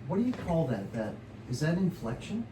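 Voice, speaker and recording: A man with a fairly high voice chats eagerly and keeps firing off questions. He sits back from the microphone, so the voice carries a roomy echo. A clear hiss runs behind him. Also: very animated, normal speed, distant mic. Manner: enthusiastic, asks lots of questions. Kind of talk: casual chat.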